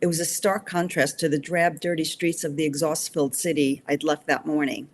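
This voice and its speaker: A woman author reading her novel aloud in steady first-person narration. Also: sits low, fairly quick, slight background noise.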